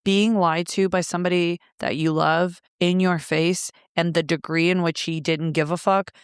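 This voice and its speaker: A woman's voice: fairly low pitch, steady tone, moderate pace, clean tone, no echo. A woman guest telling a painful personal story bluntly and emotionally, with frequent swearing, on a close studio mic.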